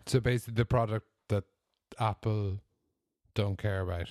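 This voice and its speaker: A man's voice: on the low side, steady tone, normal speed, darkish tone, no room sound, studio quality. A man co-hosting a podcast in casual chat, easygoing with stammering restarts. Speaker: podcast co-host.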